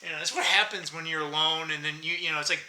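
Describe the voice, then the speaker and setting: Bright, rambling man in his fifties. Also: fairly high pitch, fast, roomy sound. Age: 50s. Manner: rambling, jokey, self-mocking, laughs often. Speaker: channel host. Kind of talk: casual vlog chat.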